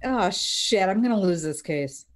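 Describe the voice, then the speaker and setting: A woman's voice: mid-range voice, expressive, a little slow. A woman improvising comedy lines over a webcam call, playful and laughing after her lines. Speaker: improv player. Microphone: webcam on a video call.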